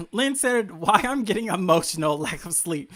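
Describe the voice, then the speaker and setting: A man hosts a casual livestream and reads his chat aloud. He cheers his viewers on in an upbeat, hype-man way. His talk is quick and loose, full of fillers and restarts. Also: high-pitched, lively intonation, a bit bright. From rural area. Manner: upbeat and hyping, fast with many fillers. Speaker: livestream host reading chat comments. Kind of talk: casual live-stream chat.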